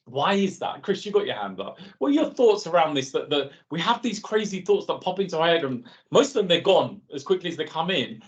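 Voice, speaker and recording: A man's voice: a little high, brisk, few pauses, muffled recording. A man leading an online workshop in a chatty, conversational way and calling on participants by name. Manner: lively and conversational, calls on participants. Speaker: workshop facilitator.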